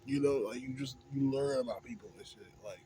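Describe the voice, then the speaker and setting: A young American man ranting casually at home, rambling with heavy slang and constant swearing, sliding from mumbling to loud, heated outbursts. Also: mid-range voice, steady tone, fairly quick, low-quality recording. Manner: rambling, heavy slang and swearing, frequent "you know what I'm saying". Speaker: vlogger. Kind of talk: casual profane rant. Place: indoors at home, smoking a pipe. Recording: home recording with clear background noise.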